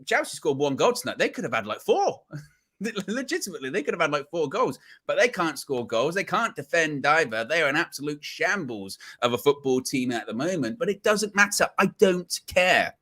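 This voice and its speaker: A man's voice: on the high side, big pitch swings, a little fast, bright, forceful tone, slightly rough. A man hosting a live football fan show, talking emphatically and repeating phrases for effect. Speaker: host of a football fan channel livestream. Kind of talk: live post-match fan reaction show.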